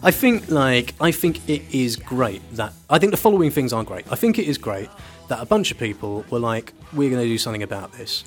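A man co-hosting a podcast, talking in a casual, jokey, animated way with casual swearing. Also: medium pitch, normal speed, soft background music. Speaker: podcast co-host. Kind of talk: casual chat.

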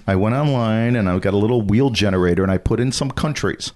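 A man's voice: fairly low pitch, fast talker, a little mellow. Playful male podcast co-host. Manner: playful, sets up bits and games. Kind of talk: casual comedic chat.

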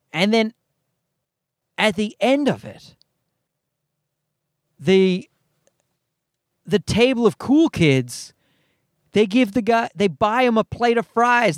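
Brief: male podcast host, high register, exasperated profane rant, dry recording. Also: no echo. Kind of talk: ranting commentary.

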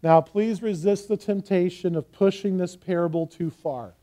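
A man gives a sermon in an earnest, emphatic teaching style, his voice high for a man yet mellow and soft-edged. He stresses key phrases, slowing down to drive them home.

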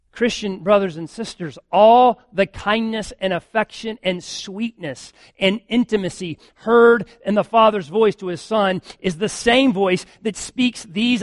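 High-voiced earnest preacher, man. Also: no room sound, clean studio sound. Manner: earnest, building emphasis with repeated phrases. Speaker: pastor. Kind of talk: sermon.

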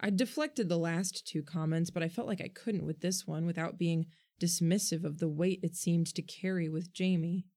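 A woman calmly reading first-person fiction as an audiobook narrator. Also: on the low side, normal speed, hardly any pauses.

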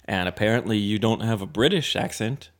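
A man's voice: lowish voice, a little fast. An American man co-hosting a podcast in casual chat, joking and sarcastic, swearing freely. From United States. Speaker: podcast co-host.

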